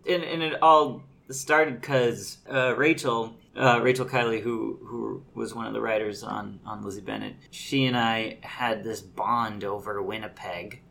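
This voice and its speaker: A man's voice: on the low side, fairly even intonation, a little slow, gravelly, few pauses, bright, forceful tone. A man talking as a guest actor in a casual podcast interview, rambling with many fillers and laughing often.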